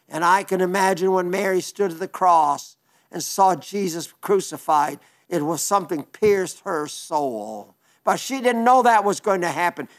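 Older guy preaching, high voice, earnest, says things twice for emphasis. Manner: earnest, repeats words for emphasis. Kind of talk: sermon.

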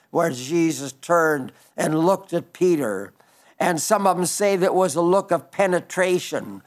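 A man with a notably high voice delivers a sermon. He speaks earnestly, piling up rhetorical questions to drive his message home. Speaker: preacher.

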